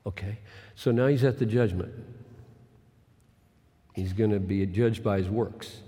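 A male pastor preaching a sermon, moving from booming, drawn-out emphasis to hushed, near-whispered lines. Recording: long hall reverb.

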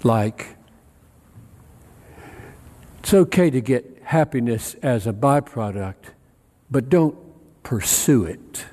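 Slow, animated male preacher in a hall. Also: mid-range voice. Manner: emphatic, repeats key phrases, quotes scripture. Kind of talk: sermon. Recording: long reverb of a large hall.

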